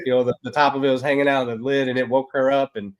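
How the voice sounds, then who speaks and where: Male podcast guest, Texan accent, relaxed rambling storyteller, mid pitch. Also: rapid-fire. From Texas, USA. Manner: easygoing, rambling storyteller with many fillers. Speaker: guest, snake breeder. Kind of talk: casual podcast conversation.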